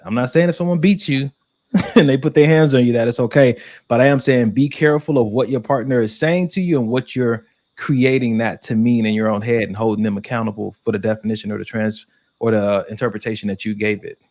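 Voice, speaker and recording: A man's voice: mid-range voice, brisk, darkish tone, dry recording. A man in his thirties co-hosting a casual relationship podcast, speaking in an earnest, reflective way that picks up speed when he drives a point home. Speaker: podcast co-host.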